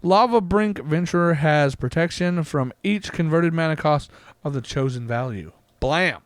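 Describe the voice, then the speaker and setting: A man hosting a casual card-opening vlog, reading card text aloud in an excitable way, with frequent "uh"s and laughs. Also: a little high, a little slow, no echo, clean studio sound. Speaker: card-opening channel host.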